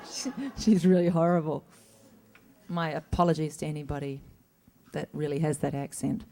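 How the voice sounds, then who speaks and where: A woman's voice: deep voice, level tone, moderate pace, gravelly, dark tone, slight background noise. A woman answering fan questions as an actor guest at a convention, chatty and self-deprecating, speaking into a stage mic in a large hall. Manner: chatty, joking, self-deprecating, restarts often. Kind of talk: convention Q&A panel.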